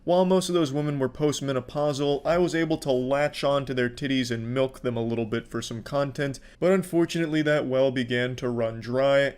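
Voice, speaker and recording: A young man giving sardonic reaction commentary in a deadpan way, swearing a lot. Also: mid-range voice, clean tone. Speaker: commentary YouTuber.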